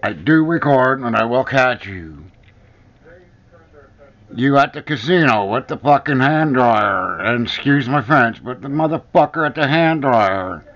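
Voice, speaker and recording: A man's voice: mid-range voice, animated, a little slow, a bit bright. Angry man ranting, dull lo-fi sound. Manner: heated, profane, repetitive accusations. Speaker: vlogger. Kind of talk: angry personal rant to the camera. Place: at home. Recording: dull lo-fi recording.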